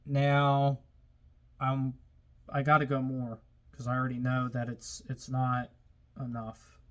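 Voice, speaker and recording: A man's voice: medium pitch, completely flat delivery, slow. A man hosting his own car-building videos, talking casually to viewers in a plain-spoken way that gets a little worked up. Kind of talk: casual workshop talk to viewers.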